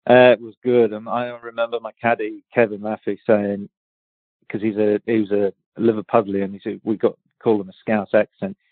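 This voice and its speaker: A man's voice: fairly low pitch, flat delivery, moderate pace, no room sound. A man in his fifties from England, a guest golfer recounting stories in a casual interview, rambling with many restarts and easy laughter. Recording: tinny phone-line sound, dry.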